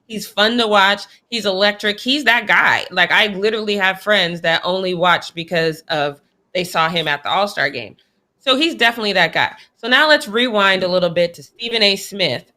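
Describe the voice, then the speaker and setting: Bright-voiced woman sports co-host. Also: mid-range voice, moderate pace. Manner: opinionated, emphatic. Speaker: podcast co-host. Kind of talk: casual sports chat.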